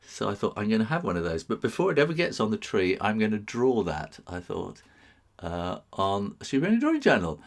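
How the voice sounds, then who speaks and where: A man's voice: fairly low pitch, big pitch swings, a little fast, vocal fry. Man, middle-aged, live drawing-stream host, rambling, chuckling, casual chat. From England. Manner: chatty, chuckling, rambling asides.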